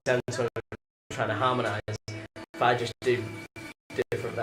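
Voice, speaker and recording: Bandmate, rambling and self-correcting, in a roomy room with music behind. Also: male voice, medium pitch, flat delivery, normal speed. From Manchester. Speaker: band member. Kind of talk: casual interview.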